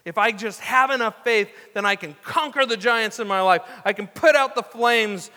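A man's voice: high-pitched, moderate pace, sharp tone, long reverb tail. A man preaching a sermon in a conversational way, with restarts and asides as he reads scripture. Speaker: pastor.

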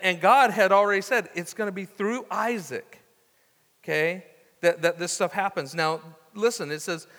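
A man's voice: high-pitched, pushed and bright, big-room sound. A man preaching a sermon in a conversational way, with restarts and asides as he reads scripture. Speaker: pastor.

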